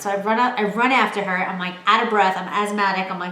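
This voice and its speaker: A woman in her twenties telling stories from home in a casual chat, animated and laughing, with lots of filler "like". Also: mid-range voice, fast. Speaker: vlogger, storyteller. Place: at home, in a room. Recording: roomy echo.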